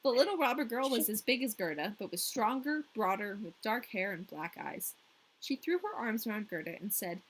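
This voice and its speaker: A woman's voice: fairly high pitch, normal speed, slightly rough, low-quality recording. A woman co-hosting a podcast, reading a fairy tale aloud in a casual way with playful, joking asides. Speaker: podcast co-host and story reader.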